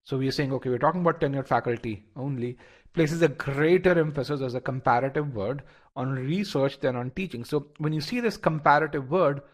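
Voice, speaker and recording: A man teaches a live online class at a middle pitch. He speaks directly to his students. He often repeats words and restarts his sentences as he works through a point. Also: fairly quick. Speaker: instructor. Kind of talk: live online test-prep lesson.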